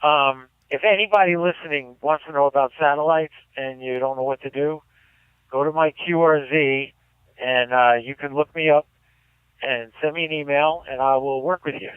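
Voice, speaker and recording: Man, tinny radio transmission, smooth clear voice, dry, chatty and keen. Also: a little high, fairly even intonation, normal speed, dry recording. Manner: chatty, explaining his equipment with enthusiasm. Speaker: ham radio operator on air. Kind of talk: casual radio chat.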